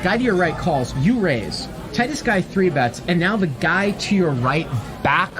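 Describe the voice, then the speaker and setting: A man's voice: sits high, big pitch swings, a little slow, over music. A man with a Boston accent commentating on live poker, working through each hand analytically and thinking aloud. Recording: loud crowd noise behind.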